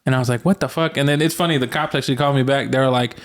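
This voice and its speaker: A man co-hosting a podcast, casually telling a story in a relaxed, joking way with some swearing. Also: mid-range voice, racing, slight background noise. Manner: laid-back, swears casually, laughs often. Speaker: podcast co-host. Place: new apartment room.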